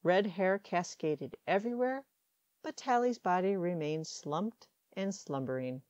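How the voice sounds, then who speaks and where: Woman audiobook narrator, deep voice, dry close recording, steady storytelling. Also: no echo, highs cut off. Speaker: audiobook reader. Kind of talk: fan fiction audiobook narration.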